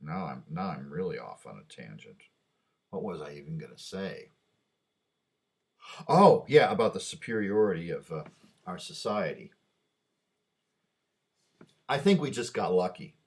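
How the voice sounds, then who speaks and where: A man's voice: low voice, big pitch swings, unhurried, pauses often, slightly rough. A man talking to himself in a late-night rambling monologue, musing aloud, stumbling over restarts and trailing off. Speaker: vlogger.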